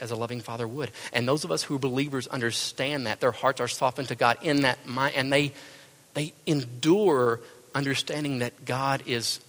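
A male pastor preaching a sermon, firing rhetorical questions and then dropping to hushed tones. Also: medium pitch.

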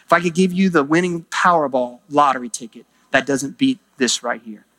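A man's voice: mid-range voice, fairly quick, pushed and bright. A middle-aged man preaching a sermon as pastor, emphatic, with rising exclamations.

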